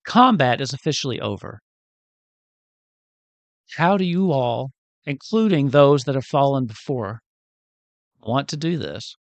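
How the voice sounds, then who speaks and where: Man, game master, slow dramatic narration, dry close sound. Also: medium pitch, lively intonation, no room sound, dull audio.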